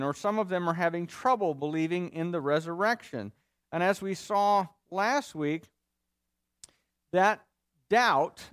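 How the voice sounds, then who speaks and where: Reading a passage of scripture, this pastor then unpacks it for his congregation in an earnest, explanatory sermon. He gives quoted speakers vivid mock voices. His voice sits high, and the sound is clean studio quality with no room sound.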